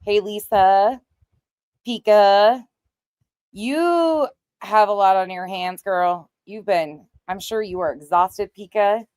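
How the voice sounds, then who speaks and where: A woman's voice: mid-range voice, slow, darkish tone, clean tone, dry recording. A woman hosting a casual livestream, greeting viewers by name and chatting bluntly, swearing now and then. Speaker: livestream host.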